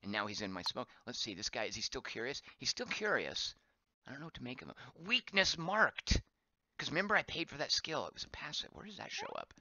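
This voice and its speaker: A man streaming a game live, chatting as he plays, reading viewer comments aloud and thinking out loud, his voice getting hoarse. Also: mid-range voice, very animated, fast, no echo, muffled recording. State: voice going hoarse.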